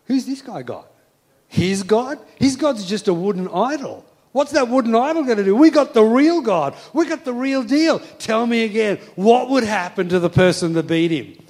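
Eager, bold teenage boy, insistent and excited, put on by a male preacher. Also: fairly high pitch, fast.

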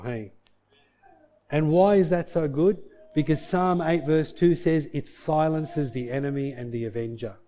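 A mellow-voiced man preaches a sermon that includes personal testimony. His conversational delivery swings between soft, low moments and loud, emphatic ones.

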